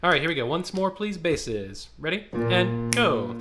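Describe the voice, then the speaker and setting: A man's voice: a little high, sing-song, moderate pace, hardly any pauses, loud music behind the voice. A man leading an online choir rehearsal, counting beats, speaking syllables aloud and singing lines for the singers to copy. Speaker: choir director.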